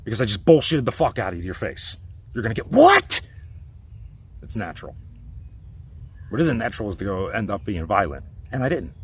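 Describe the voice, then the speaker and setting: A man telling a personal story in a heated, rambling, profane rant, with sudden loud outbursts. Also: lowish voice, animated, a little fast, slightly rough.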